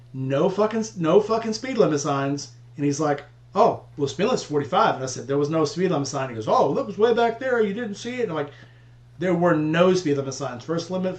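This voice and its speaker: A man's voice: fairly high pitch, roomy sound. A man telling profane, laid-back road stories in casual chat with friends. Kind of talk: casual storytelling among friends.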